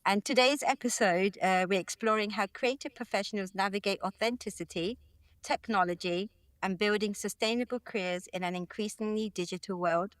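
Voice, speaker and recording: A woman co-host on a podcast talks in a casual, chatty way, a little self-conscious and dotted with fillers. Her voice sits at a middle pitch. The recording is dry and close. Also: no echo.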